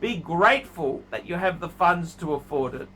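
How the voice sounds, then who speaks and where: A man talks straight to the camera as the host of a watch review channel, blunt and scolding, and he repeats his points over and over. His voice sits high and bright with a hard edge. A faint hiss runs underneath. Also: lively intonation, moderate pace, poor audio. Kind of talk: casual video review monologue.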